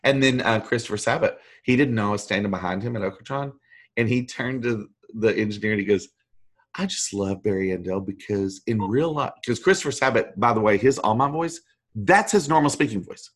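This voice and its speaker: A middle-aged man, a voice actor, chatting as an interview guest and telling animated, self-deprecating stories with mimicked voices. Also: fairly low pitch, a little fast. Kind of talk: casual interview chat.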